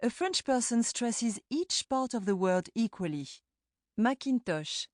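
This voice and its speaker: A woman's voice: fairly high pitch, expressive, unhurried, darkish tone, no room sound, studio quality. A woman reading a scripted language lesson for an audiobook, demonstrating words carefully. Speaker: language tutor.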